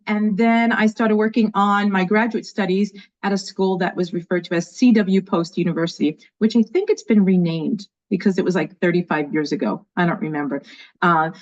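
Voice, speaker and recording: Energetic woman in her 50s w/ a new york accent, chatty guest, kinda dull lo-fi audio. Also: medium pitch. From New York, USA. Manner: energetic, enthusiastic. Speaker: guest, education leader. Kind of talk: casual interview chat.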